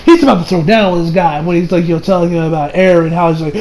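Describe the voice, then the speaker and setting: An anime reviewer with a high voice talks fast with few pauses, giving a casual recap and rant about an episode packed with profanity. He is animated and acts out characters' lines in quotes, against crowd noise on a low-quality recording.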